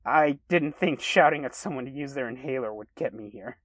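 Young woman fan as a man reads her, higher voice, friendly, relaxed, storybook reading. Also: fairly quick, dry recording, natural voice. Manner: friendly, easygoing, raised pitch. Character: upbeat young woman fan, laid-back and confident.

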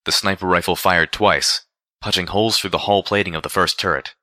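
A man narrating a first-person story with a steady, expressive reading. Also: low voice, brisk, no room sound, studio quality. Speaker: audiobook narrator.

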